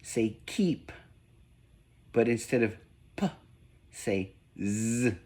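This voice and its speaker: A man slowly giving spoken sound-swap drills, one deliberate prompt at a time. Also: mid-range voice, lively intonation, warm tone. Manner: slow, deliberate, evenly paced prompts. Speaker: reading test examiner. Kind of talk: slow scripted phoneme drill.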